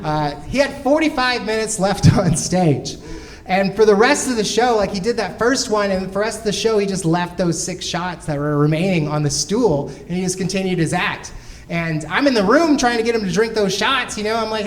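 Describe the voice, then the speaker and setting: A man's voice: high voice, fairly quick, slight background noise. Laughing stand-up comic man telling a story. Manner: laughing through his own story, acting out voices. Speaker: stand-up comedian. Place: comedy club stage.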